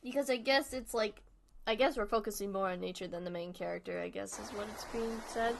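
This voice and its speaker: A young woman hosting a live stream, softly chatting and rambling in casual commentary as she watches a video, with small laughs, close to a desk mic at home. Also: mid-range voice, fairly quick, vocal fry, slight background noise. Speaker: livestream host. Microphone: desk microphone close up.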